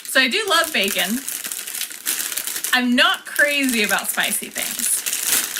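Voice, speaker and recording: A woman's voice: high voice, very animated, takes it slowly, pauses often, background noise. A woman chatting casually as she unboxes and taste-tests snacks, laughing often. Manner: chatty, laughs often, reads product cards aloud. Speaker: vlogger.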